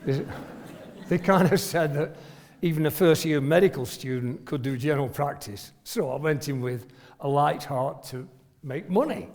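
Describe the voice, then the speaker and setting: A man's voice: fairly high pitch, moderate pace, a little mellow. A man, a retired family doctor telling self-deprecating, humorous stories to an audience. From northern England. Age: 70s. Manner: self-deprecating, storytelling, chuckles often. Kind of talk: humorous anecdotal speech to an audience. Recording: long reverb from a hall.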